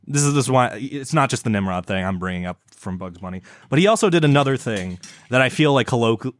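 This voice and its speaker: A young man chatting loosely as a podcast co-host, tripping over his words and restarting sentences. He swears freely as he rambles along. His voice sits at a middling pitch, recorded dry and close with no room sound. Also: expressive, fast, no echo. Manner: rambling, stammering, swears often. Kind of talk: casual chat.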